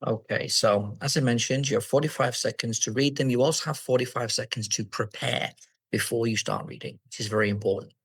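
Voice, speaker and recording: Male English teacher, husky mid-pitched voice, clear instructive delivery, dry close recording. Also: fairly even intonation, a little fast, fairly bright tone, dry recording, low-quality recording. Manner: clear, instructive, models intonation aloud. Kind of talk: exam tips lesson.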